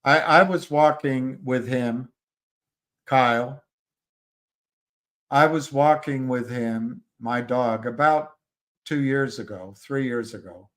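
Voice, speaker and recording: Brief: male livestream host, unhurried, halting storyteller with frequent restarts. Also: mid-range voice, a bit bright. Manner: halting, rambling, many restarts. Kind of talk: casual livestream chat and storytelling.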